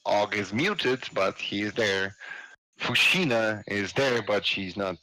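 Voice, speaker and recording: A man running a tabletop game as game master, narrating haltingly with many fillers. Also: fairly low pitch, loud music behind the voice, poor audio. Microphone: online voice call.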